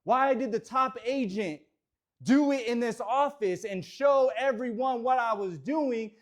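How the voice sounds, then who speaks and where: A man leading a real estate team in a motivational talk, energetic and swinging from quiet reflection to shouted affirmations, in an office. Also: extremely high pitch, a little slow.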